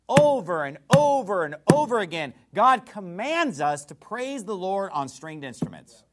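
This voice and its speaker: A man's voice: high-pitched, a bit bright. A man preaching a sermon as pastor, fiery and emphatic, mocking what he thinks is foolish doctrine.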